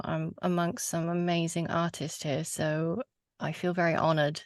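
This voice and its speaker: A woman storyteller on a video call, telling a folk tale slowly and softly, lingering on words. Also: on the low side, vocal fry, no echo, clean studio sound. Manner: soft, hushed, lingering on words. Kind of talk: slow atmospheric storytelling.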